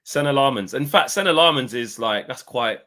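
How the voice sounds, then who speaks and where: A young man co-hosting a casual football chat, relaxed and slangy. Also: medium pitch, moderate pace. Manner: laid-back, slangy and conversational. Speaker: co-host.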